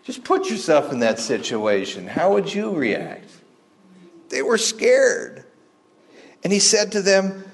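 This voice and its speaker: A male pastor preaching a sermon in a conversational, animated storytelling manner. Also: high-pitched, slow.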